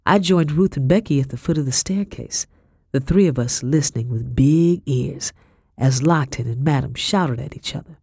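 A woman narrating an audiobook in a measured, expressive reading style. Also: very deep voice, creaky, breathy edge, no room sound. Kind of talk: scripted narration. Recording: dry close audiobook recording.

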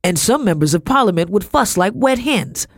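A man's voice: high voice, expressive, moderate pace, no echo, clean studio sound, pitched above the performer's own voice. A man voicing a blunt, scornful British army officer in an audiobook. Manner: scornful, brusque.

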